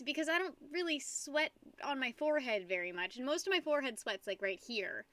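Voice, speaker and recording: A woman's voice: high voice, animated, fairly quick, a bit bright, no echo. A young woman streaming from home, chatting casually with viewers in a rambling, giggly way and greeting chat often. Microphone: desk microphone.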